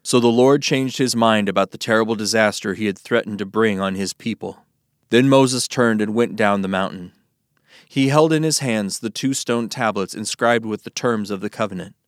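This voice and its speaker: A man reading scripture aloud in a measured, solemn narration. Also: fairly low pitch, dry recording, studio quality. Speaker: scripture reader.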